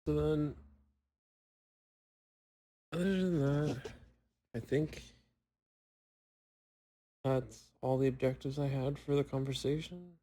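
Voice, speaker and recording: A young man talks loosely to himself, drifting from thought to thought and poking fun at himself. His voice is mellow and dark, with long pauses left in. It sounds like a relaxed solo chat. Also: fairly high pitch, rough recording. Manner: rambling, self-mocking, long pauses. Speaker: podcaster.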